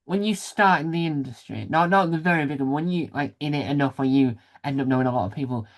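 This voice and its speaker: A man's voice: a little high, quick pace. A man hosting a casual interview, asking long, rambling questions and adding short "yeah"s along the way. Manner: chatty, rambling questions, frequent short backchannels. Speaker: interviewer, host.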